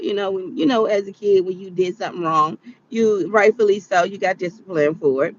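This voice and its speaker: A woman's voice: mid-range voice, a little fast, highs cut off, slight background noise. A woman in her late thirties telling stories in a casual chat, laughing often and acting out quotes. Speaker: vlogger. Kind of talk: casual storytelling.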